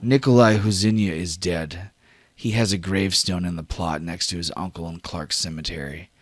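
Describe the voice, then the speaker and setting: A man doing a calm, firm, low-voiced man. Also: moderate pace, no room sound.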